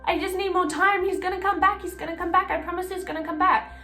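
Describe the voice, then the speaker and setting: A woman voicing a desperate woman who is sobbing, whining and pleading her innocence in a high voice. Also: steady tone, quick pace, pushed and bright, reverberant, soft background music. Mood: whiny pleading. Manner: whiny, tearful, high and pleading.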